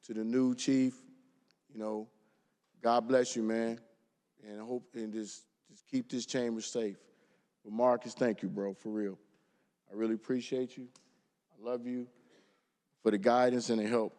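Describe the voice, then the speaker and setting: A man's voice: medium pitch, flat delivery, a little slow, pauses often, warm tone, some chatter behind. Man giving a farewell speech in an echoing chamber. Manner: casual heartfelt, addresses colleagues by name. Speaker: retiring state representative. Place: legislative chamber. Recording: long reverb of a large legislative chamber.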